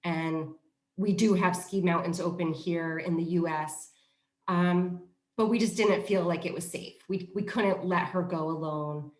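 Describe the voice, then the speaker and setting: A middle-aged woman, a positive discipline trainer, giving casual parenting advice in an animated way. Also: lowish voice, a little slow. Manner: animated storyteller who acts out quoted voices. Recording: roomy echo.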